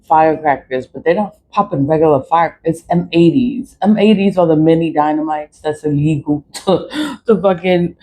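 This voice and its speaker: A woman vlogging in a casual monologue from a city high-rise apartment. She rambles, repeats phrases and mimics other people in quoted asides. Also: warm tone, a little hiss or hum, rough recording. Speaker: spiritual vlogger.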